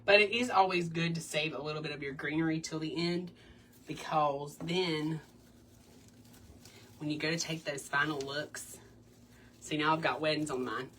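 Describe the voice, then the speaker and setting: A woman's voice: low voice, fairly even intonation, moderate pace, long pauses, fairly bright tone, distant mic, a little hiss or hum. A woman hosting a casual wreath-making tutorial in her home craft room, chatty and bubbly. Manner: chatty, bubbly, breaks into little sing-song bits. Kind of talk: casual crafting demo chat.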